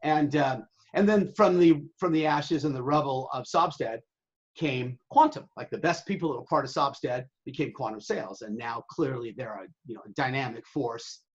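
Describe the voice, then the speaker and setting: A man telling profane, animated stories in a casual interview and acting out the people in them. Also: medium pitch, normal speed, husky, muffled recording. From Southern California. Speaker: interview guest, sailing website owner. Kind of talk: casual storytelling.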